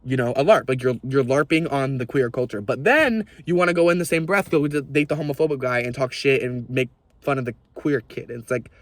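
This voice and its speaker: A young man ranting to camera in a vlog, animated and exasperated, swearing freely. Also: medium pitch, a little fast, dry recording. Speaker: video creator.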